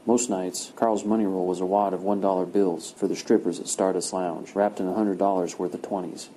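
A man narrating a first-person crime novel with steady, gritty storytelling. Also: deep voice, brisk, a little hiss or hum, rough recording. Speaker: audiobook narrator.

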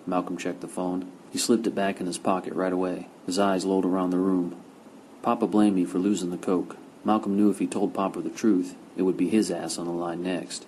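Deep-voiced man narrating a gritty crime novel. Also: level tone, brisk, darkish tone, slight background noise, rough recording. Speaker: audiobook narrator.

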